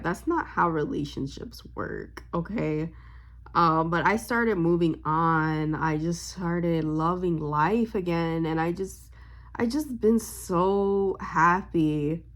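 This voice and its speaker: Young woman vlogger, slightly low voice, rambling storytime chat full of fillers. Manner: rambling, heavy on fillers, loses her train of thought; emotional and upbeat, smiling while talking. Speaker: vlogger and spiritual reader.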